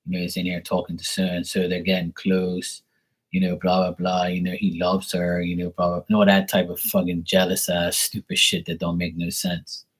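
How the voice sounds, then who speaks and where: A man's voice: sits low, monotone, normal speed, breathy edge. A man giving live tarot readings, talking bluntly and profanely in a casual monologue, acting out others in mocking voices.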